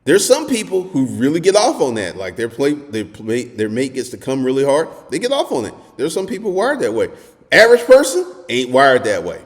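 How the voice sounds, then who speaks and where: A man hosting a dating advice monologue, talking bluntly and crudely, telling stories with animation and at times shouting. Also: medium pitch, huge pitch swings, fairly quick, long reverb tail.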